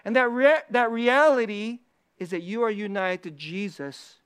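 Animated, laughing preacher. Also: medium pitch, measured pace, clean tone. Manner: animated, repeats key phrases, laughs often. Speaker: preacher with a weekly video channel. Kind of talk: casual sermon teaching.

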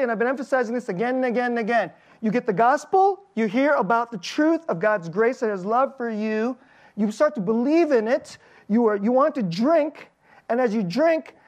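Lively, chuckling pastor preaching a casual sermon. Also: medium pitch. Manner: animated, chuckles between points, asks the audience direct questions. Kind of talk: conversational sermon. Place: church service with slides.

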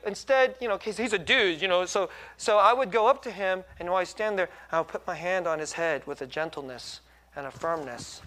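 A middle-aged man gives a sermon as if talking with friends, joking at his own expense and tossing in frequent tag questions. His high voice comes out pushed and bright at a normal speed.

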